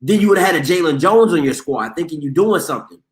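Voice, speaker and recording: A man's voice: fairly high pitch, lively intonation, fast talker, roomy sound. A man hosting a live sports talk show, talking in an emphatic, slangy way and repeating himself for effect. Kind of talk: casual sports commentary.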